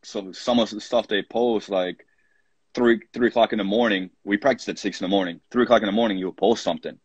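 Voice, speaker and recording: A man in his thirties from Poland, a college soccer coach, telling lively anecdotes as a podcast guest and acting out his own quoted lines. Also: on the low side, a little fast, slightly rough, dry recording, muffled recording. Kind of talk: casual storytelling interview.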